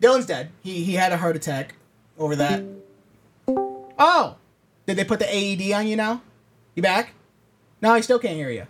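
A podcast co-host who rants in loud, profane bursts, piling on comic complaints. The delivery is casual and rough, full of swearing and mock outrage. Recorded on a home podcast setup over voice chat. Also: mid-range voice, animated, a little fast, over music.

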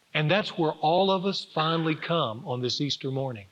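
A man's voice: on the high side, animated, normal speed, few pauses, fairly bright tone. Pastor, male, middle-aged; earnest sermon delivery that swells and drops; lo-fi church recording with long reverb. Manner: earnest, emphatic preaching with rising and falling force. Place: church sanctuary.

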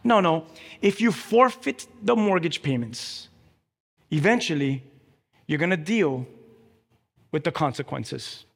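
High-voiced pastor preaching in an echoing hall. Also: male voice, animated, slow, creaky, pauses often, a bit bright. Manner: emphatic, direct exhortation to the congregation. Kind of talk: sermon.

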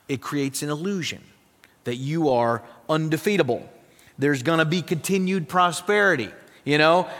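Male pastor from South Dakota, high voice, emphatic preaching that drops to a hush, long hall reverb. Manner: emphatic, swings from loud to hushed. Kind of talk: sermon.

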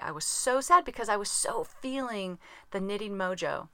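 A woman's voice: medium pitch, big pitch swings, normal speed, pushed and bright, no room sound. A woman hosting a podcast in casual chat, rambling and laughing at herself, recorded in a small closet. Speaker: podcast host.

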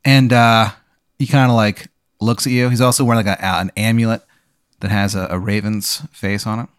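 A man's voice: fairly low pitch, normal speed, no echo. Young guy deadpanning a weird hypothetical, dry close mic. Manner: deadpan, building absurd scenarios. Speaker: comedy podcast host. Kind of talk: improvised comic storytelling.

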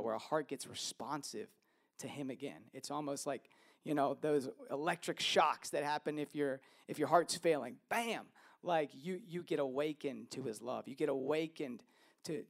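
A man in his thirties preaching a sermon, telling stories in an animated way that moves from hushed to loud. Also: mid-range voice, gravelly. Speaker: pastor.

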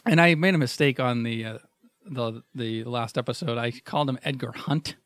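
A man's voice: mid-range voice, moderate pace, fairly bright tone, dry recording. A man hosting a podcast in casual chat, teasing and joking. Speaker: podcast host.

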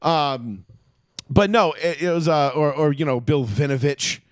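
Man, fairly high voice, profane ranting sports podcaster, dry close mic. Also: moderate pace, no echo. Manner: profane, ranting, animated storytelling. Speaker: podcast co-host. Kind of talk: casual sports chat.

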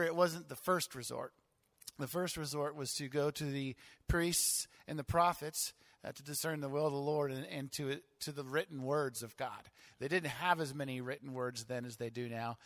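A male pastor explaining a Bible passage in a relaxed, conversational teaching style with frequent fillers. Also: mid-range voice, no room sound.

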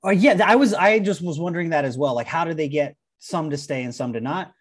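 A young man chats along casually, hedging with plenty of fillers and easy agreement. His voice sits a little high for a man. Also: quick pace. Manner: hesitant, many fillers, agreeable. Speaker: podcast co-host. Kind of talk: casual comedic chat.

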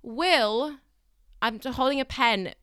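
A woman's voice: fairly high pitch, takes it slowly, a bit bright, clean tone, dry recording, clean studio sound. A woman co-hosting a casual chat, giggly and teasing as she talks. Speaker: podcast co-host.

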